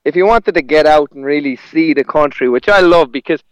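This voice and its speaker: A man's voice: on the high side, brisk, no echo, poor audio. A man, a stand-up comedian chatting casually, rambling through stories with restarts and laughter. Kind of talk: casual conversation.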